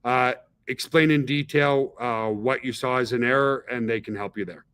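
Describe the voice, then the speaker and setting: A man's voice: mid-range voice, normal speed, a bit bright, clear, resonant tone. Middle-aged male webinar host; casual, chatty founder type who checks in with his audience a lot. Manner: chatty, peppers talk with "okay?" and "guys".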